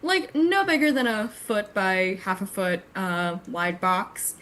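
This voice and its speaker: A woman's voice: mid-range voice, sing-song, takes it slowly, a bit bright, slight background noise. Giggly woman playing a tabletop game. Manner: giggly, describes actions in first person. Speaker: player. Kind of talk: tabletop role-play.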